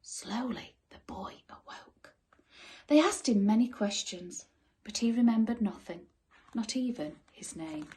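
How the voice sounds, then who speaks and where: A woman teacher reads a bedtime story at an unhurried pace, with a voice that rises and falls in a very lively way. She drops to soft whispers for the hushed moments. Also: mid-range voice. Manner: expressive, dropping to soft whispers. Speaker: school teacher.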